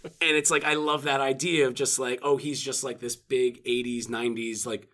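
A man's voice: mid-range voice, fairly even intonation, normal speed, bright, forceful tone. Rambling, profane man in casual chat. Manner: rambling, profane, acts out quotes.

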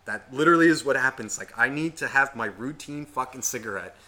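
Bright-voiced man, animated, swearing constantly. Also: medium pitch, brisk. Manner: animated, heavy swearing, rambling storytelling. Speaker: podcast co-host. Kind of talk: casual profane chat.

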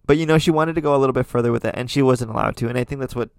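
A man's voice: mid-range voice, racing, no room sound. A man hosting a casual podcast, commenting on tweets in a chatty, opinionated way with many fillers and restarts. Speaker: podcast host.

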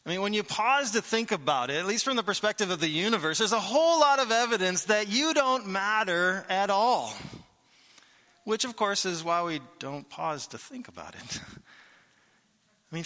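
A man preaching a sermon to his church in a conversational, animated way, asking the congregation rhetorical questions. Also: sits high, normal speed, long reverb tail. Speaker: pastor. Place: church sanctuary.

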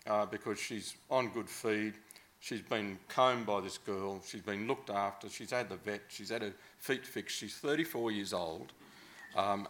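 A man's voice: lowish voice, a bit bright. An Australian man telling a long, casual anecdote, rambling and hesitant with many fillers.

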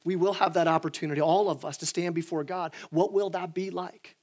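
Pastor, male, fairly high voice, lively sermon delivery, restarts phrases, works the room. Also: brisk. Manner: animated, repeats words when starting sentences, acts out voices. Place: church sanctuary.

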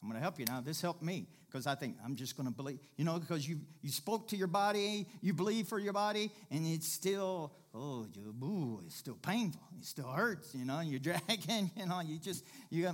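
A male preacher delivering a sermon in a folksy, conversational way, building to loud, emphatic exhortation. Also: a little high, lively intonation, normal speed, few pauses. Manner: emphatic, rising to shouted exhortation.

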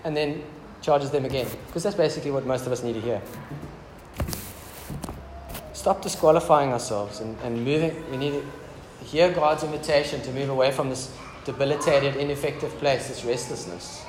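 A man's voice: mid-range voice, brisk, hardly any pauses. A man preaching a casual, joking sermon in a church hall. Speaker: pastor. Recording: echoey church hall with background noise.

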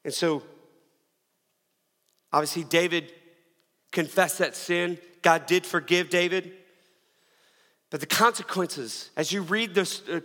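A man's voice: high voice, sharp tone. A middle-aged man preaching a sermon as pastor, telling a story with frequent restarts and repeated words. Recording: long reverb of a large hall.

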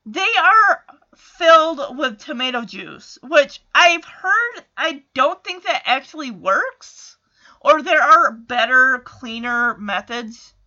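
A woman's voice: fairly high pitch, pushed and bright, lo-fi sound. A woman chatting through a casual episode recap, with amused asides.

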